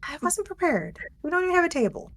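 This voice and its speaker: A woman player in a tabletop role-playing game, bantering in a playful, animated way. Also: very high voice, quick pace.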